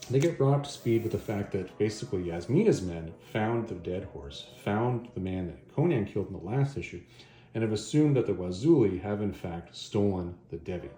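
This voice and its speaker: A man's voice: on the low side, mellow. A man hosting a video, casually recapping a comic story with rambling self-corrections. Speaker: video host, comic reviewer. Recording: echoey room.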